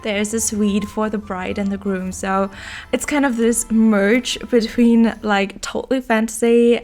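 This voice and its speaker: A woman's voice: medium pitch, a little mellow. A woman with a stuffy, nasal voice from being sick, chatting casually and enthusiastically as a Sims builder narrating her own speed build, with plenty of filler words.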